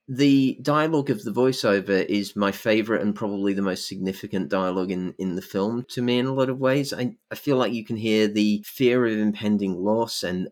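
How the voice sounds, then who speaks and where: A man co-hosting a film podcast, thoughtful and critical, often restarting his sentences. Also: lowish voice. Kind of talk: film discussion.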